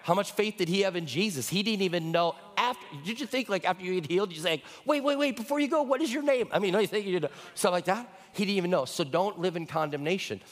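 A man's voice: high-pitched, quick pace, few pauses, a bit bright, big-room sound. A middle-aged male pastor preaching a sermon, telling stories in a conversational way and often checking in with the congregation. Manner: conversational storytelling with frequent check-ins to the congregation.

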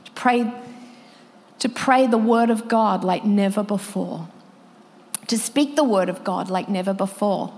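A woman gives a devotional talk to women in an earnest, reflective way, now and then turning to quiet prayer. She speaks slowly, and a long hall reverb trails after her words. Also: medium pitch.

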